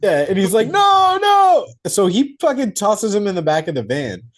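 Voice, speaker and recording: A man's voice: high voice, sing-song, brisk, a little mellow. A man co-hosting a casual movie review podcast, acting out scenes in put-on voices and swearing freely. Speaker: podcast co-host.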